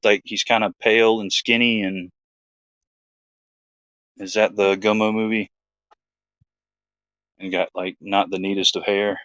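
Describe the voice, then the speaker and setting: A man's voice: on the low side, fairly bright tone, no room sound, highs cut off. A man, hosting his own show, telling a story in a rambling, laid-back chat full of fillers. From Georgia, USA. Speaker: host.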